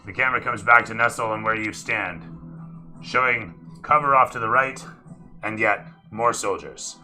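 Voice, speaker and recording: A man runs a tabletop game as dungeon master, and his voice is strikingly bright and forward. He describes the scene in cinematic sweeps, then breaks off into offhand, profane table talk. Soft background music plays beneath him. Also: fairly low pitch, moderate pace, rough recording. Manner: cinematic scene narration with casual asides and swearing. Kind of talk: narrating a tabletop game online.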